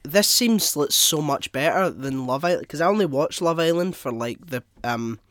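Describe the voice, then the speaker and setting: A man's voice: a little high, lively intonation, normal speed, a bit bright, no echo. A man chatting casually as a podcast co-host, mostly reacting with short interjections. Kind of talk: casual chat.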